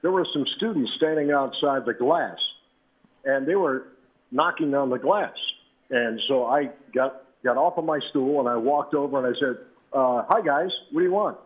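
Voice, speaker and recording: A man in his seventies, a veteran radio announcer, relaxed and anecdotal as he tells stories as an interview guest. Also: mid-range voice, normal speed. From New Britain, Connecticut. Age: 70s. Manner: relaxed and anecdotal, with frequent "uh" and "you know". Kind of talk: reminiscing storytelling. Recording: tinny phone line.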